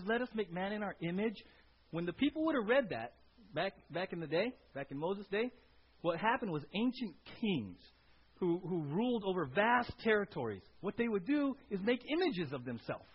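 A man gives a conversational sermon in a fairly high, husky voice. He keeps checking in with the congregation through quick questions. The recording is dull and lo-fi. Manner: conversational preaching, frequent "right?" tag questions. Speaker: pastor. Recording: dull lo-fi sound.

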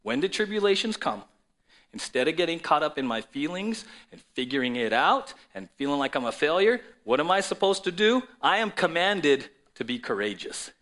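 A man preaching a sermon to a congregation and viewers at home, swinging between loud declarations and soft, low asides. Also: sing-song, normal speed. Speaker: pastor.

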